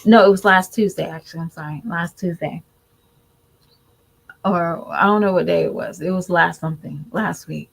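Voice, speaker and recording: A woman's voice: lowish voice, normal speed, gravelly, breathy edge, low-quality recording. A woman giving candid, preachy commentary to her viewers in a casual vlog. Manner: candid, preachy, animated mimicry. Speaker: vlogger.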